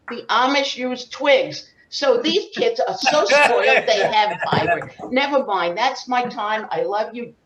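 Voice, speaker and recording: A woman's voice: a little high, lively intonation, unhurried, few pauses, roomy sound, slight background noise, low-quality recording. Brash older Brooklyn woman doing stand-up. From Brooklyn, New York. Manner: brash, bawdy storytelling with Yiddish slang. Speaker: comedian at an open mic. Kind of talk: stand-up comedy set.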